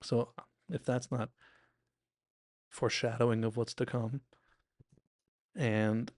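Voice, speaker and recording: A man's voice: mid-range voice, level tone, takes it slowly, long pauses, a little mellow, no echo, clean studio sound. A man hosting a podcast, giving an enthusiastic, rambling and self-deprecating casual recap of a TV episode. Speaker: podcast host.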